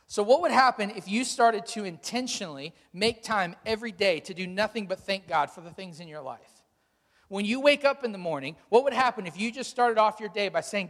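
A man's voice: high-pitched, lively intonation, brisk, a bit bright, in a large hall. A male pastor preaching a sermon, emphatic and exhorting, posing rhetorical questions.

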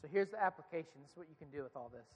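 A pastor preaches with a high, earnest voice, putting question after question to his congregation. His words ring out in a long reverb, as if through a large church. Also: animated, rapid-fire, darkish tone, breathy edge. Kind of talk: sermon.

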